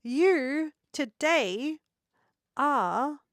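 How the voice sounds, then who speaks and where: A woman's voice: high-pitched, expressive, extremely slow, no echo, studio quality. A woman live streamer chatting casually with her viewers, giggling a lot and playfully teasing them.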